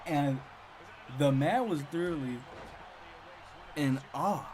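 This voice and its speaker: A man's voice: fairly high pitch, slow pace, darkish tone. A young man casually telling a funny school story on a live stream, rambling with lots of repeats and chuckles.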